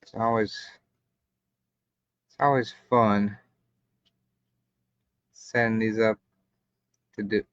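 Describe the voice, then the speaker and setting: A man's voice: fairly low pitch, flat delivery, slow pace, pauses often, smooth, no room sound. A man hosting a casual live chat, talking in a laid-back, rambling way over a stream. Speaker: livestream host. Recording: muffled lo-fi stream audio.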